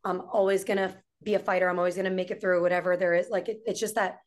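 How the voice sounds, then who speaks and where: A woman guest on a podcast, an entrepreneur and singer, telling stories in a lively, casual way with lots of "like.". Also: lowish voice, quick pace. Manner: animated storyteller with frequent "like". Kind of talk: casual conversation.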